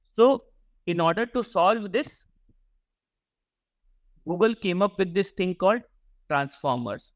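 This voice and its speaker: A young man lectures a workshop class in a slightly high voice, recorded dry and close with no room echo. He often repeats words and keeps asking the students questions. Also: expressive, slow pace, long pauses. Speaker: workshop instructor.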